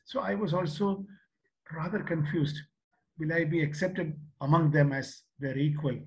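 An older man with a Kerala Malayali accent in his English gives a motivational talk to youth. His voice sits fairly high for a man. He speaks in a storytelling way, repeating phrases and tossing in a questioning "huh?". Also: steady tone, measured pace, poor audio. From Kerala, India. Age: 60s. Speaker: seminar speaker.

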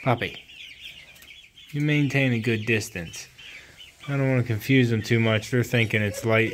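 A man vlogging casually from his chicken coop, talking gently to his dog and hens. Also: fairly low pitch, a little hiss or hum. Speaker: homesteading vlogger. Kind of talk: casual vlog narration. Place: chicken coop on a rural property.

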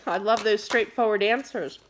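A middle-aged woman giving a casual tarot reading to camera, animated and quick to get wound up and scold playfully. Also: medium pitch, slight background noise. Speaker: tarot card reader.

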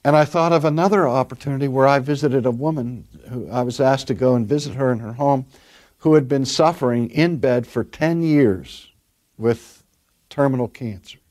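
A man's voice: medium pitch, normal speed, darkish tone. An older man, a pastor delivering a sermon and telling stories earnestly, stretching out key words for emphasis.

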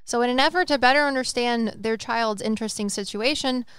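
A woman hosting a podcast, excitedly retelling a story in a rambling, casual way. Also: fairly high pitch, a little fast, clear, resonant tone, no room sound, studio quality. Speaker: podcast host. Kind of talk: casual chat.

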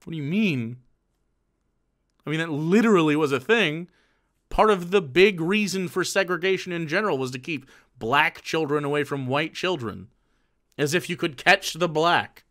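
A man's voice: a little high, normal speed. A man streaming live, ranting sarcastically and profanely as he reacts to a clip. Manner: sarcastic, profane, animated rants.

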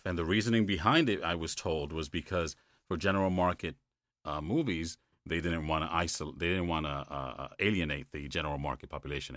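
A deep-voiced American man with a New York-New Jersey accent, a voice actor, tells stories as a guest in a casual interview. His storytelling is animated and he keeps throwing in "man." The recording is clean studio sound with no room echo.

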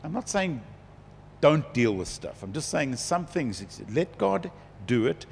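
A middle-aged man preaching a conference sermon as a pastor, chatty and lively, laughing between points. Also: fairly high pitch, a little slow, gravelly, slight background noise. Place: large conference hall. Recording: long hall reverb.

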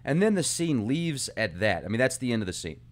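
A man hosting his own video channel, talking through a film's symbolism in an earnest, animated monologue. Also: medium pitch, brisk. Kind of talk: casual monologue analysis.

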